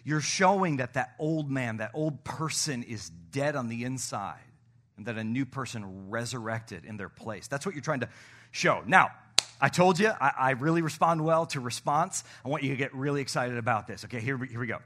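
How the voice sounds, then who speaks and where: A male pastor preaching to his congregation in an energetic, playful, coaxing manner. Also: mid-range voice, normal speed. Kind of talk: sermon. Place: church stage.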